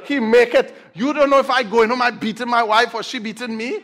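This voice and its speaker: A Trinidadian man preaching with a high, bright, ringing voice. He drops to near-whispers, then bursts into shouts, and mixes Scripture with jokes to the congregation. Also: quick pace, slight background noise. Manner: energetic, swings from hushed to shouting, joking with the crowd. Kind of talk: sermon.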